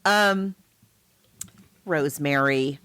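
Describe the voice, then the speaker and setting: A woman co-hosting a casual podcast who talks animatedly, laughs often and mimics characters in a high voice. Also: very slow, a bit bright, clean tone. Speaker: podcast co-host. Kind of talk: casual chat.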